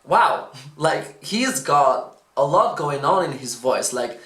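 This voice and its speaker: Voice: medium pitch, very animated, slow pace, a bit bright. A vocal coach giving casual, enthusiastic reaction commentary, often breaking into exclamations. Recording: roomy echo, faint music behind.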